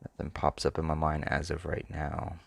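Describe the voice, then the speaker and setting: Rumbling low and monotone, with vocal fry, a man talks at normal speed on his sports picks channel, with no echo in the audio. He muses casually on his own, often hesitating and letting sentences trail away.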